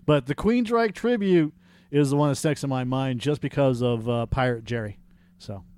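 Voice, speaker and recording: Male podcast co-host, mid-pitch, lively casual storyteller, loose and profane. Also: moderate pace, clear, resonant tone, no echo. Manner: animated storyteller, swears, says "like" and "you know" often. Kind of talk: casual chat.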